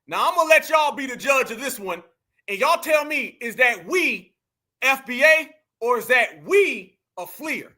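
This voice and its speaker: A man hosting a heated reaction commentary, mocking, slangy and often breaking into shouts. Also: extremely high pitch, expressive, unhurried. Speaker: commentary host reacting to clips.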